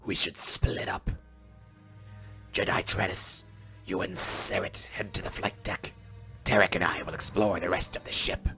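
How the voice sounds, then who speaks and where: A man's voice: sits low, steady tone, a little slow, creaky, sharp tone, husky, faint music behind, full character voice. A man voicing a stern older male lizard-like Jedi master, curt with clipped commands in a comic read-aloud.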